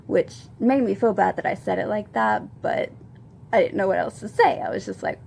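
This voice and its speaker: A woman in her twenties telling a confessional story as a vlogger, rambling with many ums and soft laughs. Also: medium pitch, unhurried. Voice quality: gravelly vocal fry. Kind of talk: storytime vlog.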